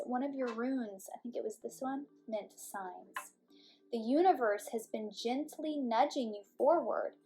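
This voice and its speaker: A woman giving a slow, soothing tarot reading to her viewers, encouraging them and speaking to them directly. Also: a little high, a little mellow. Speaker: tarot reader. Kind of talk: pick-a-card tarot reading.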